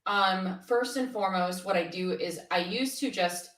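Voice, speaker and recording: A woman's voice: mid-range voice, moderate pace, fairly bright tone. A woman talking candidly and animatedly as an interview guest, laughing often. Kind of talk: casual interview conversation. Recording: roomy echo, from far from the mic.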